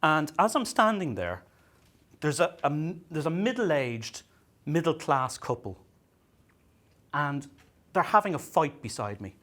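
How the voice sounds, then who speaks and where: An Irish man doing a stand-up comedy set, telling self-mocking stories in a halting way and often repeating his words as he restarts. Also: on the high side, very animated, fairly bright tone. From Ireland. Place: comedy venue stage.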